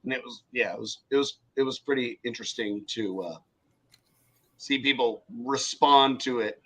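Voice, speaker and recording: A man co-hosting a podcast in casual chat, telling animated stories and swearing freely. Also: mid-range voice, moderate pace, poor audio. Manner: animated storyteller acting out quoted people, swears freely. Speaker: podcast co-host.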